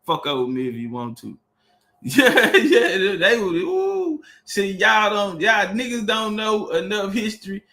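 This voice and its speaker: A man's voice: sits high, big pitch swings, a little slow, gravelly, pushed and bright. A man hosting a livestream, talking loosely and profanely and repeating words as he searches for the next one. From Texas. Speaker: livestream host. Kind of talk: casual livestream talk.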